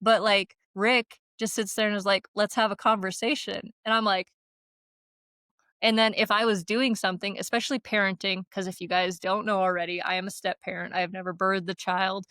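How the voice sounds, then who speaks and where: A woman's voice: medium pitch, little pitch movement, fairly quick, a bit bright, dry recording. A woman co-hosting a casual podcast who talks bluntly and swears freely, spinning stories in emphatic run-on bursts. She laughs often, punctuating with "like" and "right?". Her voice sounds dry and close, with little room around it. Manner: blunt and profane, storytelling with frequent laughs. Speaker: podcast co-host.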